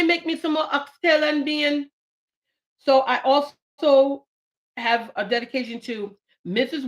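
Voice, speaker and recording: A woman in her late forties hosting a live stream, talking warmly and emotionally about her poetry book and the people she dedicated it to. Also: a little high. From United States. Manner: heartfelt, emotional, animated bursts. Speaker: channel host and poet.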